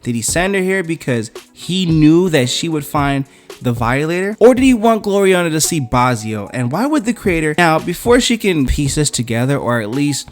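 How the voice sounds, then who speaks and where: A man, a comic book reviewer, chatting through a casual, animated retelling of a comic. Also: on the high side, normal speed, faint music behind.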